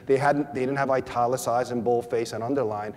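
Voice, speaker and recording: A man giving a teaching talk to a church audience, animated, often repeating words and acting out quoted voices. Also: medium pitch, fairly quick. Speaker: preacher. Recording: long hall reverb.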